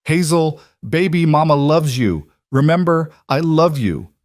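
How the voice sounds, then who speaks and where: A man's voice: deep voice, normal speed, warm tone, no echo, studio quality. A man voicing a young mother who pleads tearfully for her daughter. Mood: desperate screaming.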